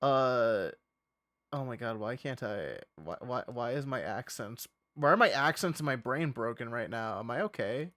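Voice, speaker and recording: A man's voice: mid-range voice, animated, normal speed, a bit bright. A male streamer in casual livestream chat, rambling and profane, often breaking into laughter.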